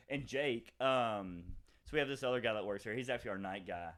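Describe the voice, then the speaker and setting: A man's voice: on the low side, animated, fairly bright tone. A young man, a podcast co-host, telling a rambling story in casual chat with lots of fillers. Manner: rambling, fast, many fillers and acted quotes.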